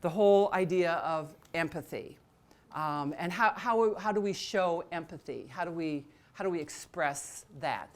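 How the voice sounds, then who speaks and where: A woman's voice: fairly low pitch, lively intonation, moderate pace. A woman leading an interactive training session, talking conversationally with many fillers and restarts, and joking with the attendees. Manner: laughs and jokes with attendees. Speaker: workshop trainer.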